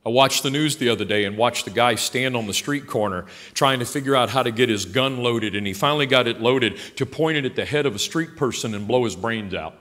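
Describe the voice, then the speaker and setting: An older male pastor preaching a blunt, folksy sermon. He swings from quiet asides to loud, passionate outbursts. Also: medium pitch, fairly quick, hardly any pauses. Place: large church sanctuary. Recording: long hall reverb in a church.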